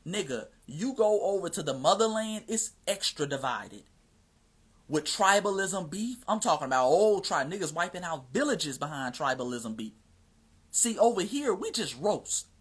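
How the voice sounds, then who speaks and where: A man's voice: sits high, very animated, normal speed, breathy edge. An American man hosting a casual livestream, talking emphatically in slangy speech and often checking in with his listeners. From United States. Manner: emphatic and slangy, often asks "you see what I'm saying". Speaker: livestream host. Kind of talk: casual livestream talk answering questions.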